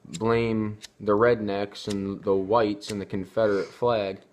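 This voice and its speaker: Young guy with a lowish voice, rambling on, restarting sentences a lot. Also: little pitch movement, slow pace. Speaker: vlogger. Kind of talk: casual opinion talk.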